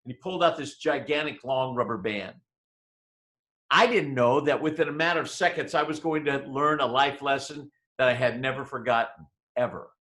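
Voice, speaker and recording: A man giving a motivational webinar talk, telling a personal story with dramatic swings between loud and hushed delivery. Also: mid-range voice, moderate pace. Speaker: motivational speaker. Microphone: webinar microphone.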